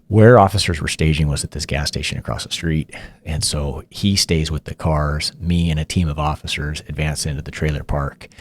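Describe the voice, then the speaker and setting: Guy in his 40s or so, super deep voice, easygoing rambling storyteller, dry close mic. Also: no echo. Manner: relaxed, rambling retelling with fillers and restarts. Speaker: podcast host, former police officer. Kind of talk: casual storytelling.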